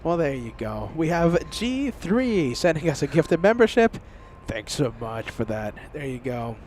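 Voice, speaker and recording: A man's voice: fairly high pitch, very animated, a little slow, a little mellow, slight background noise. A man hosting a casual live stream outdoors, chatting and reading out viewer names and messages. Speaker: livestream host. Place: outdoors near an airport.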